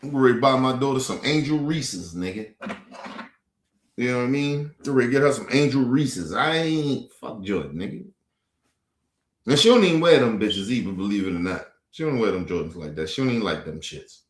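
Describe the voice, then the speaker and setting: A man's voice: mid-range voice, expressive, brisk. A man streaming commentary, blunt and indignant, with heavy swearing. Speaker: streamer reacting to clips. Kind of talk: casual profane commentary. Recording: roomy echo.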